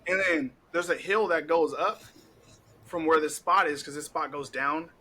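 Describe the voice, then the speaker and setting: A young man hosting a podcast, telling a story in a casual, animated way, laughing often and acting out what people said. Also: a little high, normal speed, slightly rough, rough recording. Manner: animated, laughing, heavy cursing, acts out quotes. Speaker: podcast host.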